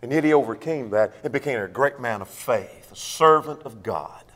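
Animated preacher in a reverberant hall. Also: male voice, mid-range voice, moderate pace. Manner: questioning, emphatic, acts out quoted excuses. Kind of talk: sermon.

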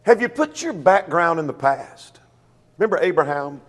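In a big-sounding room, a man preaches a sermon in a fairly high, sing-song voice at normal speed. He's emphatic, peppers the congregation with questions, and acts out the excuses people make.

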